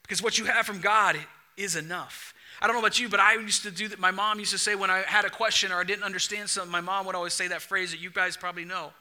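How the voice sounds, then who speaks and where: A young adult male pastor preaching a sermon to his church, telling stories with lively acted-out dialogue. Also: high-pitched, fast, few pauses. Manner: animated storytelling, acts out dialogue.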